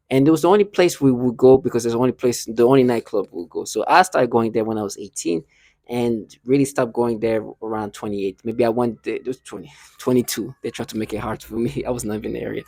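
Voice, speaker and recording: A man talking to camera in a rambling, halting monologue, restarting and repeating himself often. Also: mid-range voice, mellow, dry recording, studio quality. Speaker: vlogger.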